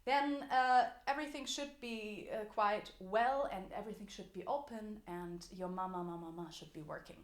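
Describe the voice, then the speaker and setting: A woman's voice: medium pitch, moderate pace, hardly any pauses. A woman teaching a singing lesson as a vocal coach, explaining technique in an encouraging way. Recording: echoey room.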